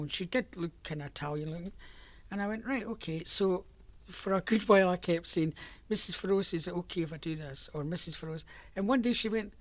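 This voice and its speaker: An older Scottish woman reminiscing about her working life in a chatty, storytelling way, laughing often. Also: lowish voice. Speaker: interviewee. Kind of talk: reminiscing oral history.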